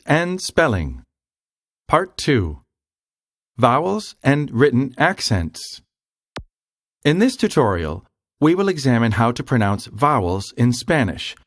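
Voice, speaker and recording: A man narrating a scripted grammar lesson in a slow, careful, explanatory way. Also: medium pitch, dry recording, clean studio sound. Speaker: language tutor.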